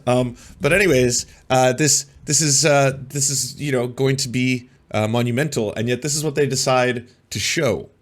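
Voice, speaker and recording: A man's voice: mid-range voice, fairly even intonation, normal speed, hardly any pauses. A man with a Canadian accent hosting a live commentary stream, sarcastic and profane, with many filler sounds. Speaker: host.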